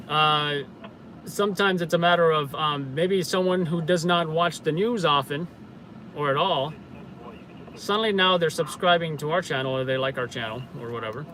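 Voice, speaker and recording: A man's voice: fairly high pitch, moderate pace, a bit bright, low-quality recording. A man hosting a casual live stream from inside a car, rambling with many fillers as he answers viewers. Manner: rambling, filler-heavy, self-correcting. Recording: car and street noise.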